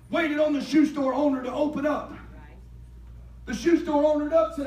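High-voiced fervent preacher. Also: male voice, fairly even intonation, normal speed, long pauses, some chatter behind. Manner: impassioned, swings from quiet talk to shouting. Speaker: lay preacher. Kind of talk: fervent sermon. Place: church sanctuary. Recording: echoey church hall, distant mic, congregation responding.

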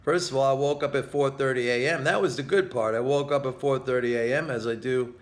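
A man's voice: medium pitch, a little fast. A middle-aged man giving casual, sarcastic market commentary to viewers, talking to them as folks.

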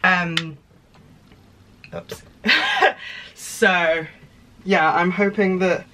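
A young woman vlogging in a casual, chatty and excitable way, rambling with fillers. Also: lowish voice, very slow, background noise. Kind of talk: casual vlog chat.

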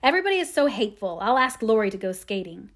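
A woman's voice: mid-range voice, big pitch swings, quick pace. A woman reading aloud, voicing a fiery, hot-tempered teenage girl with passionate, stern outbursts. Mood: exasperated.

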